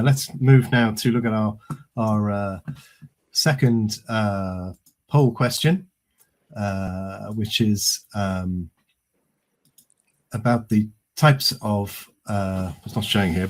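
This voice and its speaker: Low-voiced man moderating a webinar. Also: a little mellow. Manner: hesitant, lots of fillers. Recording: video call audio.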